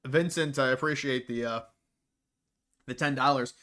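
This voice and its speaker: An American man hosts a casual livestream, answering chat messages as they come in. His voice has a bright edge, and he thinks out loud in loose, rambling commentary. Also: medium pitch, normal speed. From United States. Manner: rambling, thinking aloud with frequent restarts. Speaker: livestream host.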